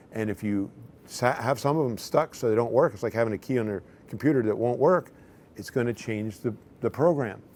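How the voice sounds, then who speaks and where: A man's voice: lowish voice, a little mellow, slight background noise. A middle-aged male chiropractor telling patient stories in a conversational way, now and then acting out what people said. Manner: conversational, acts out patients' lines in quotes. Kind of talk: storytelling talk to camera.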